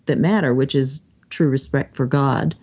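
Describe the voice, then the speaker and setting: Chatty woman with a dark, mellow voice. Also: extremely low pitch, normal speed, slightly rough. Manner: chatty, animated when quoting others. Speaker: podcast co-host. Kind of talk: casual discussion.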